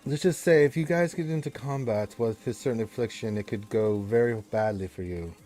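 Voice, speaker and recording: A man's voice: medium pitch, a little fast, warm tone, soft background music. A man narrating as game master of a tabletop game in a loose, conversational way with fillers.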